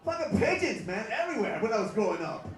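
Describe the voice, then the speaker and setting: A man from Los Angeles performing a live stand-up set in a bar, with a punchy, profane delivery that breaks into shouted bursts. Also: sits high, very animated, quick pace, soft background music. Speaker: stand-up comedian and host. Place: bar stage before a live audience. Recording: echoey bar with crowd laughter.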